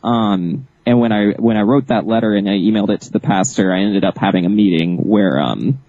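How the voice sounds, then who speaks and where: A man, the author being interviewed, telling a story in a casual, animated way, laughing often and restarting his sentences. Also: fairly low pitch, brisk, no room sound, dull audio. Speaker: author guest.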